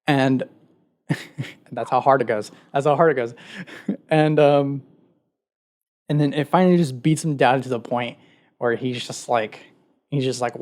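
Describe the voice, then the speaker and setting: A man's voice: mid-range voice, a little slow, pauses often, a little mellow. A man co-hosting a podcast, retelling a story in a casual, rambling way with many filler words. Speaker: podcast co-host. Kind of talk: casual chat.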